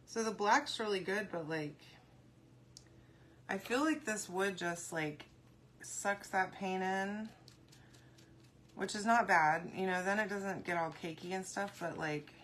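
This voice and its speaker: A woman's voice: mid-range voice, unhurried, pauses often, a bit bright, a little hiss or hum. A woman hosting a casual crafting tutorial, chatting and rambling to viewers as she paints and answering their comments aloud. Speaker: craft video host.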